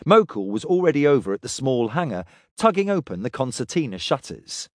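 Man narrating an expressive audiobook. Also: medium pitch, a little fast, no echo, studio quality. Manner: expressive, voices characters.

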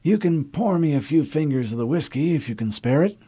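A man doing a gruff, blunt old admiral. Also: fairly high pitch, lively intonation, brisk, mellow, muffled recording, pitched above the performer's own voice. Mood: gruff, approving. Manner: brusque, folksy military bluster. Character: aging male fleet admiral, gruff, blunt, commanding.

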